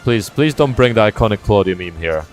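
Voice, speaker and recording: A man commentating a fighting game tournament, joking with his co-commentator between fast play-by-play calls. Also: fairly low pitch, lively intonation. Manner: quick, joking, trails into quiet asides. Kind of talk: esports commentary and banter. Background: music.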